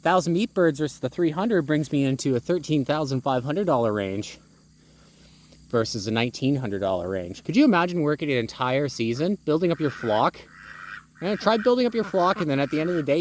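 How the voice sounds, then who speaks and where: A small-scale poultry farmer from Ontario ranting angrily and profanely into a phone while walking his farm, out of breath. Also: a little high. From Ontario, Canada. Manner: heated, profane, rhetorical questions. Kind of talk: angry outdoor vlog rant. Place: outdoors on a farm among birds. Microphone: phone held one-handed. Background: faint farm ambience with ducks and fowl.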